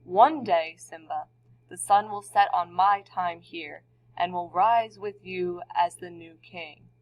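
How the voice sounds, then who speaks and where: A woman slowly reading the lines of a wise, noble lion king speaking to his son, in her own voice. The recording sounds dull and lo-fi. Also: fairly low pitch. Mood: solemn.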